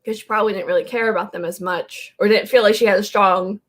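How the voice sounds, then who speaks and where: A woman's voice: mid-range voice, steady tone, quick pace. A woman co-hosting a podcast in casual chat, talkative, laughing often and filling her talk with "like" and "um". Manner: chatty, laughs often, many "like"s and "um"s. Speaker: podcast co-host.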